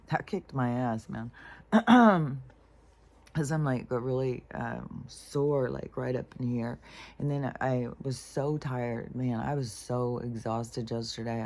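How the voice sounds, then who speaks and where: A woman's voice: a bass voice, warm tone. A woman vlogging about her day, rambling and irritated, swearing freely with lots of fillers. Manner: irritated, frustrated. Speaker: spiritual vlogger. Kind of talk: casual venting monologue.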